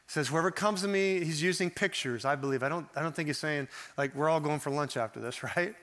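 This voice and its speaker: A man preaching a sermon in a conversational, animated way, acting out the voices he quotes. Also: a little high, brisk. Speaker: pastor.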